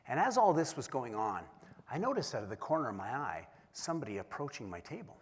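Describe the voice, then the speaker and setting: A man giving a keynote speech, telling an animated, self-deprecating story and acting out the voices in it. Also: on the low side, a little fast. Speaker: keynote speaker. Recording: long hall reverb.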